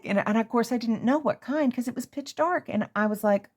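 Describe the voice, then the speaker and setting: A woman from Oklahoma, chatting casually in a crafting vlog and telling an animated, excitable story that jumps to shrieky high notes. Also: normal speed, few pauses. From Oklahoma, USA. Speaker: crafter showing handmade pieces. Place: home craft room.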